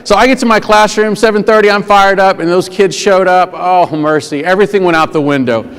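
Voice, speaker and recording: Animated man speaking in a big hall. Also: sits high, fairly quick, clear, resonant tone. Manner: animated, acts out quoted voices. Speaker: conference keynote speaker. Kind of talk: humorous storytelling speech. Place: large conference hall. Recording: long reverb of a large hall.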